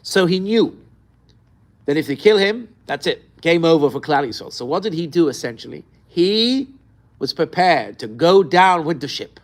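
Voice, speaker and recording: A man teaching an informal Torah lesson, animated, asking rhetorical questions and mixing Hebrew terms into his English. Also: a little high, normal speed.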